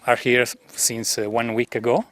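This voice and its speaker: A tourist from Italy speaks English with an Italian accent. He pauses often and fills the gaps with "uh". His pitch sits at an ordinary middle. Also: level tone, fairly bright tone, slight background noise. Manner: halting, many fillers.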